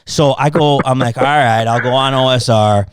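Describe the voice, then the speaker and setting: This podcast host has a medium-pitched, clean-toned voice at normal speed, telling a story in casual chat with frequent swearing and animated renditions of both sides of an argument. Clean studio sound, no echo.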